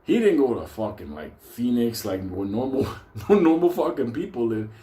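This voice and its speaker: A man's voice: mid-range voice, normal speed. A man telling a comic personal story, swearing constantly and laughing often. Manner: profane, animated, laughs often. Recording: echoey room.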